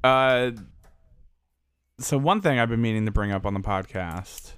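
A man's voice: medium pitch, unhurried, fairly bright tone, clean tone, no echo. A man co-hosting a podcast in casual chat, dropping wry comments and laughing easily. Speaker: podcast co-host.

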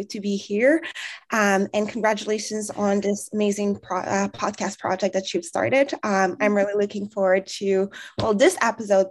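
A woman guest on a podcast, polite and measured, with frequent fillers as she speaks. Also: mid-range voice. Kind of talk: casual podcast interview.

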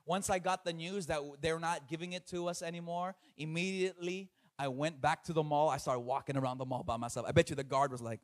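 A man preaching a sermon as pastor, telling stories with lively acted-out quotes and repeated words. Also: fairly high pitch, a little fast.

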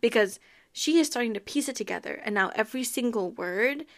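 A woman's voice: on the high side, fairly quick. Giggly, chatty woman host. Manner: giggly, chatty, animated, laughs often. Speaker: podcast host. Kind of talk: casual book and TV recap.

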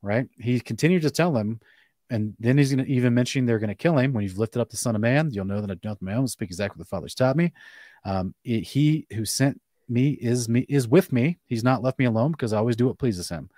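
A man hosting a casual live-streamed discussion, reading scripture aloud in between quick restarts and short chuckles. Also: medium pitch, dark tone, no room sound, studio quality. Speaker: host.

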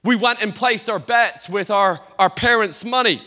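A Scottish man preaches from the pulpit, spinning funny stories and tripping over repeated words. His voice sits high and sounds sharp and forceful. The sermon rings out with a long reverb through a church hall. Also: normal speed. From Scotland. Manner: humorous storytelling, stammering repeats. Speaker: guest pastor.

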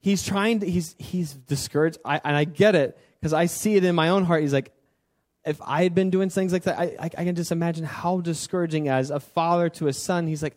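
Animated male pastor, higher voice. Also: fairly quick. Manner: animated, voices God's words conversationally. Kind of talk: sermon.

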